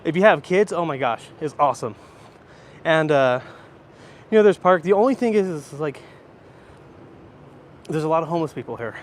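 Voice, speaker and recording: Here a live-streamer with a fairly high voice and lively intonation talks at normal speed, leaving long pauses, and a little hiss or hum comes through. Holding his phone as he walks from an indoor library to an outdoor rooftop, he chats casually and rambles, responding to the chat along the way.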